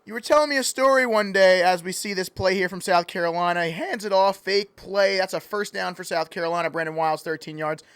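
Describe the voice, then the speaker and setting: A man's voice: high voice, fairly even intonation, a little fast, few pauses, a bit bright, smooth, dry recording. A man calling play-by-play in a joking mock sports broadcast, playful and easily sidetracked. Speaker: play-by-play commentator.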